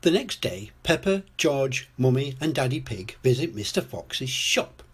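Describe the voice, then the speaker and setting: An older man reading a children's storybook aloud as a storyteller grandad, in a slow gentle read-aloud. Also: medium pitch, expressive, husky.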